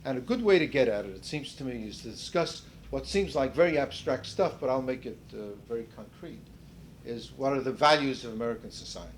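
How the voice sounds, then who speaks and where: Older man, seminar leader, lecturing casually, asks the group questions, mid-pitched, light hiss. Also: animated, a little fast. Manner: conversational, restarts and rephrases mid-sentence.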